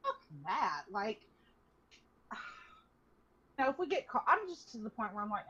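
A young woman casually telling an animated story to a friend, swearing freely. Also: fairly high pitch, moderate pace, pauses often, breathy edge. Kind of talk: casual chat. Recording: dull lo-fi recording.

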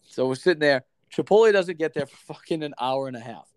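A man's voice: fairly high pitch, quick pace, clean tone, no room sound. A man telling a long story in casual chat, swearing often and acting out the other people in it. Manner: profane, animated storyteller.

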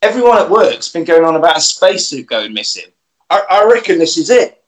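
A man's voice: fairly high pitch, sing-song, a little fast. A man doing a chummy workmate. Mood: reassuring. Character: matey, trusted male co-worker.

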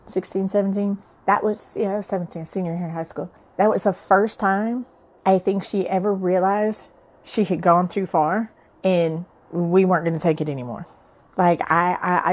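A woman's voice: fairly low pitch, fairly even intonation, moderate pace, a little mellow. A woman and author telling her own life story in a frank, plain-spoken, conversational way. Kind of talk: candid personal storytelling.

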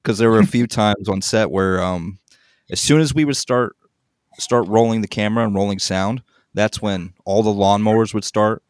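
Laid-back low-voiced filmmaker telling set stories. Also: male voice, moderate pace, no echo, studio quality. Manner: relaxed anecdotes, frequent ums and laughter. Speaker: filmmaker guest. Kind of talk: casual podcast storytelling.

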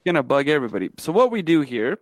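A man's voice: fairly high pitch, very animated, fast, dry recording, studio quality. A man co-hosting a casual podcast, explaining things in a jokey, rambling way. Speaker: podcast co-host.

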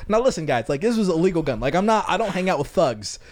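High, lively-voiced joking man. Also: fast talker. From American South. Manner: animated, joking, puts on silly voices. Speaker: podcast host. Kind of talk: casual podcast chat.

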